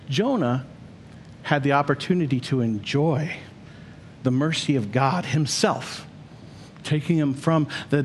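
A man's voice: medium pitch, slight background noise. A man preaching a sermon as pastor, earnest and building to emphatic questions.

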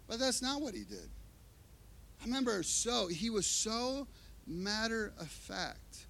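High, bright-voiced male preacher. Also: slow, gravelly. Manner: expressive storytelling, acting out scenes. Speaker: pastor. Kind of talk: sermon.

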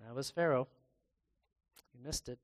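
A man preaching a sermon in a conversational way, pausing and restarting as he reads scripture aloud. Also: mid-range voice. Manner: bursts into loud, excited acted-out exclamations.

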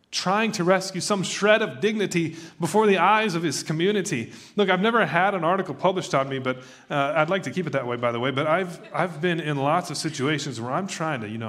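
A man preaching a sermon in a conversational, animated way, acting out quoted voices as he tells stories. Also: a little high. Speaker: pastor.

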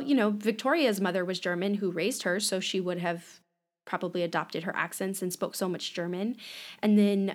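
A woman co-hosting a casual history podcast, explaining at length with many fillers like "you know" and "like". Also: medium pitch. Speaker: podcast co-host.

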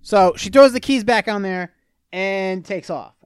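A young adult man hosting a casual solo podcast, telling stories with profane, animated rants. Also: high-pitched, a little slow, smooth, no room sound. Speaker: podcast host.

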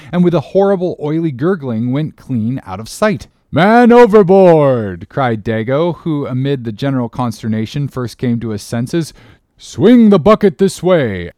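A man narrating a novel aloud with a steady, expressive delivery. His voice sits mid-range in pitch, and the recording is dry and close with no room sound. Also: dry recording. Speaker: audiobook narrator. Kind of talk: scripted narration.

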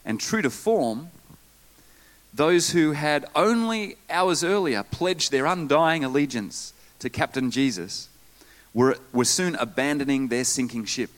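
Male pastor, animated Sunday sermon, jokey asides. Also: on the high side, a little slow. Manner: lively preaching with asides and jokes.

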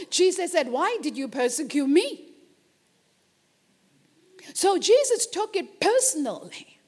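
A woman preaching a sermon, slow and emphatic, repeating phrases and calling out amens to the congregation. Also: very high-pitched, a little mellow.

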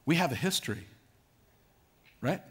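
A man's voice: a little high, sing-song, moderate pace, fairly bright tone, husky. A middle-aged man, preaching a sermon, emphatic and repetitive, calling out to his congregation. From Southern United States. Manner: emphatic, repeats phrases, calls out to congregation. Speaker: pastor.

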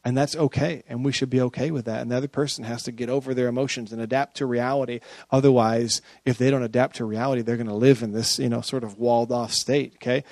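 A man's voice: medium pitch, steady tone, fast talker, a little mellow, no room sound. A man preaching a sermon as a pastor, chatty and often checking in with his listeners. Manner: conversational, often checks in with the audience.

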